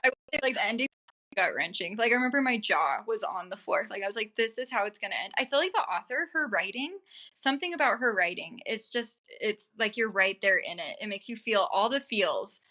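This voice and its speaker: Bright-voiced chatty woman guest. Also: medium pitch, lively intonation, fairly quick. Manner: gushing, chatty, full of "like" fillers. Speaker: podcast guest. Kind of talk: casual chat.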